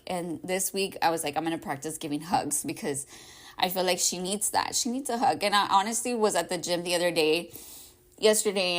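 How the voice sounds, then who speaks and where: A woman hosting a casual advice podcast, talking in a rambling, heartfelt way, sometimes close to tears. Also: fairly low pitch. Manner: rambling and heartfelt, with many "like", "right?" and "y'all". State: emotional, near tears at times. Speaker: podcast host.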